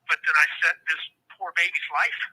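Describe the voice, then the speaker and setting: A man's voice: fairly high pitch, level tone, normal speed, sharp tone, husky, low-quality recording. A middle-aged man from Ohio, a prison inmate guest on a phone interview, talking in a heated, profane and rambling way.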